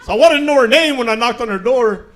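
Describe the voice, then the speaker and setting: A man's voice: extremely high pitch, fast talker, fairly bright tone. A young man from Tacoma doing a laid-back, self-mocking stand-up set at a comedy show, chuckling through his punchlines. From Tacoma, Washington. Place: comedy show with live audience.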